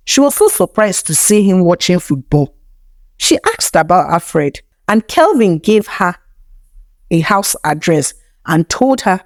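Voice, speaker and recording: A woman with a Nigerian accent narrating a folktale in an animated, dramatic way. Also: fairly low pitch, no echo, clean studio sound. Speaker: storyteller.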